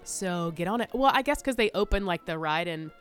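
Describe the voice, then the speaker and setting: A woman's voice: on the low side, expressive, fairly quick, soft background music. A woman co-hosting a podcast in casual chat, talkative, with lots of fillers and laughter. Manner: chatty, laughs often, many fillers. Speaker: podcast co-host.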